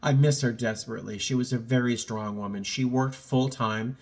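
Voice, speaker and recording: A man's voice: medium pitch, steady tone, moderate pace. A middle-aged man in a casual personal vlog, talking in a reflective, rambling way with many fillers and restarts, a little choked up. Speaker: vlogger.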